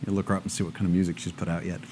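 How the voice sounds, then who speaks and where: A man's voice: deep voice, very fast, breathy edge. A man speaking to a live audience, telling stories and acting out both sides of conversations. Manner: animated storytelling, acting out both sides of dialogues.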